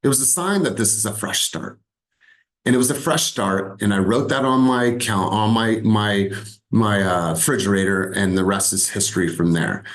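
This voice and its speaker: Middle-aged male sales coach, lowish voice, earnest and emphatic, sharing a personal motivational story. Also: normal speed. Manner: earnest, emphatic, repeats key phrases.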